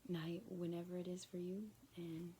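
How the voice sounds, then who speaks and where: A woman's voice: on the low side, monotone, normal speed, dark tone, a little hiss or hum. A woman giving a casual, rambling spiritual reading to her viewers, often dropping to a near-whisper. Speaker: spiritual card reader.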